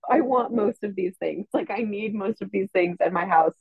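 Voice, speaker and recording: A woman guest on a podcast, chatting in an animated, slangy way and laughing often. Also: mid-range voice, moderate pace, creaky, husky, no room sound. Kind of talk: casual chat. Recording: dry, dull lo-fi mic.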